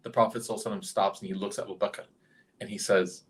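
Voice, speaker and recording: A male religious teacher giving a storytelling sermon in a lively, conversational way, often turning to ask the listeners questions. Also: on the low side, very fast.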